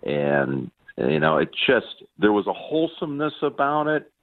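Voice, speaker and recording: A man guest on a sports interview, telling warm anecdotes with plenty of fillers and restarts. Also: on the low side, big pitch swings, normal speed. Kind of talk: phone interview, reminiscing. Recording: tinny phone line.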